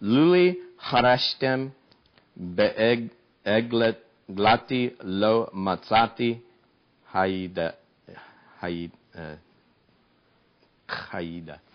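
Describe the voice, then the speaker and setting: Man, preacher, sermon, animated storytelling, restarts and repeats words, dull lo-fi recording. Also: fairly high pitch.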